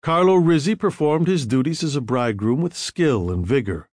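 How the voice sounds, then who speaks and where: A man narrating a novel in an expressive storytelling manner. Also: mid-range voice, moderate pace, no room sound, studio quality. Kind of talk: audiobook narration.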